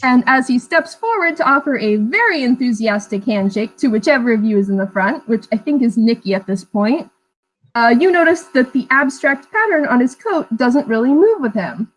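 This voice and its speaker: A woman running a tabletop game as its game master. Her voice sits high, and she narrates in a relaxed, chatty way. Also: moderate pace, rough recording.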